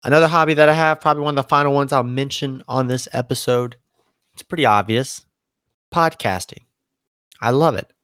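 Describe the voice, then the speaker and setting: A man's voice: mid-range voice, fairly quick, fairly bright tone, clear, resonant tone, no echo, clean studio sound. A young man hosting his own solo podcast, talking in a casual, rambling way and often correcting himself mid-sentence. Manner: conversational, rambling, self-correcting. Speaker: podcast host.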